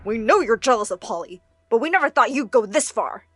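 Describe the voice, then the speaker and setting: A woman doing a cartoon mother, scolding, dismissive, lively pitch, soft music behind. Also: fairly quick, dry recording. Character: doting but unfair mother, dismissive.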